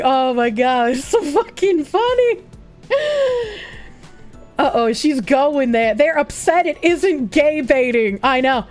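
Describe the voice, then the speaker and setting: A woman streamer chatting casually and bluntly as she reacts to posts, swearing freely and laughing often. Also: sits high.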